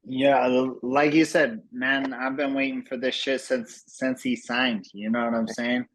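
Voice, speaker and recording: A man, a fighter on a media call, speaks in a relaxed, slangy way. His pitch is middling and the sound is dry. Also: unhurried, no echo, poor audio. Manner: laid-back, slangy. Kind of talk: casual press call talk.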